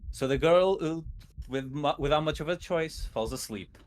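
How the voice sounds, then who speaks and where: A nervous man telling a spooky story on a stream, stuttering and halting often. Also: on the high side, low-quality recording. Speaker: guest storyteller.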